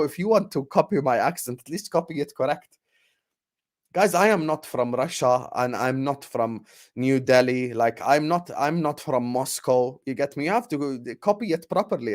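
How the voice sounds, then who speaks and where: A young man hosting a casual football livestream, talking excitedly, repeating himself and urging viewers to like and subscribe. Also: mid-range voice. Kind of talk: casual live-stream football chat.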